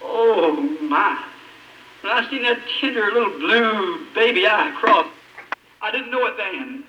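A man preaching an emotional testimony, his voice breaking and climbing high, with long dramatic pauses. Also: lively intonation, sharp tone, muffled recording. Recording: old echoey hall recording from a distance, faint hiss.

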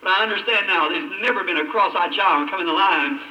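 A man preaching an emotional testimony, his voice breaking and climbing high, with long dramatic pauses. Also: pushed and bright. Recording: old echoey hall recording from a distance, faint hiss.

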